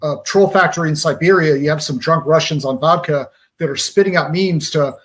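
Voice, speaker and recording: A man's voice: on the high side, brisk, a bit bright. A man from Georgia, a guest on a radio talk show, explaining things in a conversational, analytical way and using pop-culture analogies.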